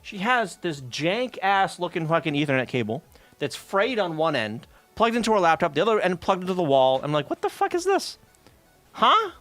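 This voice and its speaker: High, lively, swearing storyteller man. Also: a little fast, no room sound, soft background music. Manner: profane, rambling, frequent fillers and asides. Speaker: streamer. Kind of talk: casual storytelling chat.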